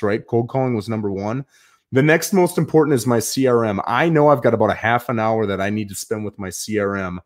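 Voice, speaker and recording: A middle-aged man hosting a live show, casually talking viewers through his schedule in a coaching tone, often adding "man" and "right?". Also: medium pitch. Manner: lively, swings between bursts and mumbled asides. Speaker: show host. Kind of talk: live walkthrough of his planning.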